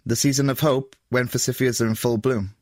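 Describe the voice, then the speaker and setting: Measured male voice-over reader. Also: mid-range voice, steady tone. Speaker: voice-over translator. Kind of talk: scripted voice-over.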